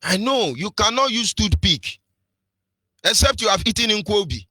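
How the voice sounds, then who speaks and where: A man's voice: sits high, big pitch swings, unhurried, sharp tone, no room sound. A man with a Nigerian accent giving impassioned political radio commentary, preachy, firing off rhetorical questions and sing-song emphasis. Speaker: radio presenter.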